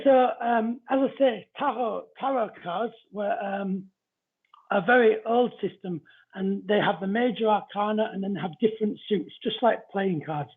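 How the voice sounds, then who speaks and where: Husky-voiced man reading cards on a live stream. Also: sits high. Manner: chatty, greets viewers between explanations. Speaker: psychic card reader. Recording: narrow phone-like audio.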